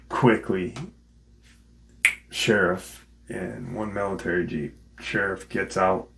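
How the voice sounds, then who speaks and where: A man hosting a paranormal channel, retelling an encounter story in a casual, rambling way with frequent restarts. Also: low voice. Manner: rambling, repeats himself, restarts sentences often.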